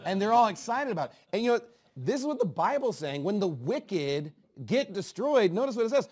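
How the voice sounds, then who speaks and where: A man preaching a fiery sermon, swinging from low asides to loud, emphatic outbursts. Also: very animated, fairly quick, husky. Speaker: pastor.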